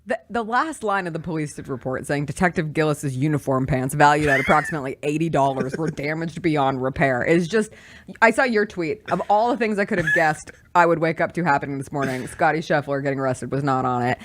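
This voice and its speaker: A woman's voice: low-pitched, background noise. A woman joining a sports radio show in studio, chatting casually with wry remarks. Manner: quick agreeing interjections, wry. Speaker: studio guest co-host.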